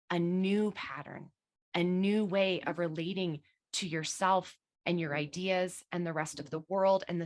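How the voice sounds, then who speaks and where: A woman leads a guided meditation for an online session, her voice sitting a little low. She speaks slowly and gently, and drops the occasional frank swear word into the calm. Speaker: coach leading an online summit session. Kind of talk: guided visualization talk.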